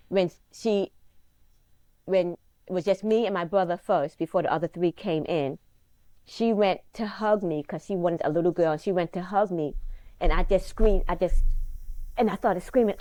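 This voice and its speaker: A woman telling her life story as an interview guest, halting and restarting often. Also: lowish voice, mellow, no echo. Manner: halting, many restarts and repeated words. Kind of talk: personal testimony in conversation.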